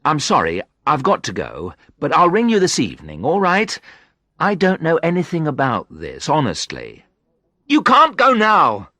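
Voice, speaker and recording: A flustered woman friend protests in quick, rising phrases, voiced by a man. The voice sits well above his usual register and swings up and down a great deal. The read is close and dry, with no room sound. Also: on the high side, wildly swooping pitch, a bit bright, dry recording, voice pushed up, full character voice. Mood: hurried.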